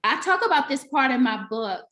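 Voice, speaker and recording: Animated high-voiced woman telling stories. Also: moderate pace, slight background noise. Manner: animated storyteller, acts out quotes with big pitch jumps. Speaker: interviewer, daycare owner turned author. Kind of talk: casual conversational interview.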